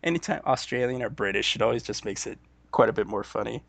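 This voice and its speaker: Podcast cohost guy, gravelly mid voice, laughs a lot, dry close sound. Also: lowish voice, quick pace, a bit bright, no room sound. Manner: laughs often, retells bits with gusto. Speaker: podcast co-host. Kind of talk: casual chat.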